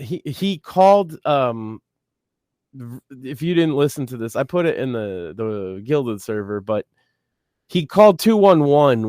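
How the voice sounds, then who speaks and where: A man's voice: medium pitch, no room sound, clean studio sound. A man co-hosting a podcast in casual chat, ranting emphatically and swearing as he tells a story. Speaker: podcast co-host.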